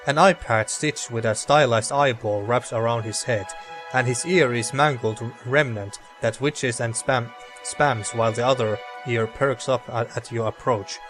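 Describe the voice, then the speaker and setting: A man's voice: medium pitch, normal speed, fairly bright tone, faint music behind. A man hosting a let's play, reading game text aloud and chatting casually, often tripping over words and swearing. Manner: stumbling over words, loose and profane.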